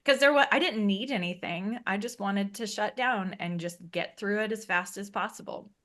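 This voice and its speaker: A woman's voice: medium pitch, moderate pace, fairly bright tone. A woman speaking as an interview guest, telling her own story frankly and conversationally and laughing often. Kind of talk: candid personal story.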